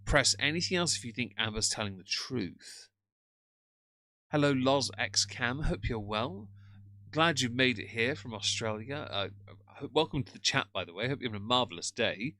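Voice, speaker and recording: A man's voice: medium pitch, expressive, moderate pace, pushed and bright, no echo. A man doing sarcastic live-stream commentary, with chatty asides to his pets and viewers, on a headphone mic. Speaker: live streamer reacting to a video. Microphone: headphones with a cable.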